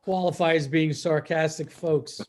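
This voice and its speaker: A man chairing a public town meeting over a video call, speaking in a relaxed way with many fillers. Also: fairly high pitch, unhurried.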